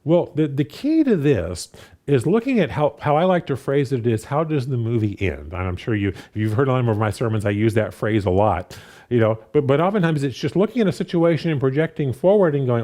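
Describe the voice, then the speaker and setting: A man's voice: medium pitch, brisk. A man preaching a sermon in a conversational way, reading scripture aloud, with frequent restarts and "you know" fillers. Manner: reads scripture aloud and paraphrases it with animated voices.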